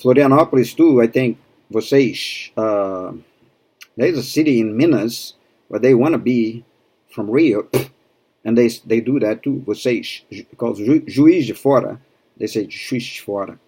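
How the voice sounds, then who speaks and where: A man's voice: medium pitch, unhurried, mellow, husky. A man from Rio de Janeiro, a native Portuguese speaker with a Brazilian accent, teaching a Portuguese lesson in English and patiently repeating words for practice. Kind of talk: language lesson.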